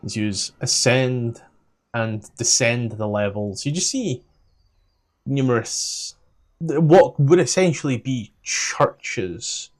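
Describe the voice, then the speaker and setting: A man with a Scottish accent running a tabletop game, rambling casually as he looks things up. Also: mid-range voice. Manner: relaxed, rambling, flipping through notes aloud. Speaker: game master.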